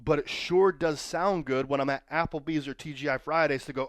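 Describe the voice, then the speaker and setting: A wrestling coach chatting, dry sound. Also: male voice, on the high side, fairly quick, few pauses, no echo. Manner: storytelling, keeps asking "right?". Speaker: pro wrestling trainer. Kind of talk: casual advice monologue.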